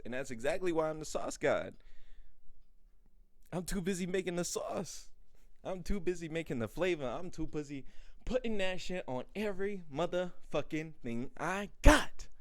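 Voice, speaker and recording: A young man giving a comedic, profane rant to camera as a vlogger, swinging from low mumbles to loud bursts in street slang. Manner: animated, swings between mumbles and loud outbursts. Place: indoor room.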